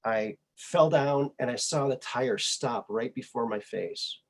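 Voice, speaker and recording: A man hosting a podcast, telling personal stories in a casual, animated way and acting out the people he quotes. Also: medium pitch, measured pace, slight background noise. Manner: animated storyteller who acts out quoted voices. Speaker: podcast host. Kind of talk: casual conversational storytelling.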